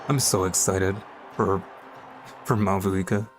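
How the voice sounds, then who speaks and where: A man's voice: low voice, steady tone, takes it slowly. Chatty laughing streamer guy. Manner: chatty, laughing, many fillers. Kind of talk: casual gameplay commentary. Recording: voice over loud game music.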